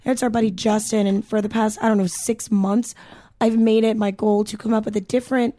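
Mellow young woman in casual chat. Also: mid-range voice, flat delivery, a little fast, no room sound, clean studio sound. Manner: casual swearing, lots of fillers.

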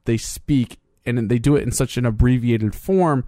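A man's voice: mid-range voice, moderate pace, mellow, no room sound, clean studio sound. A young adult man in casual chat, rambling and restarting his sentences as he explains a point.

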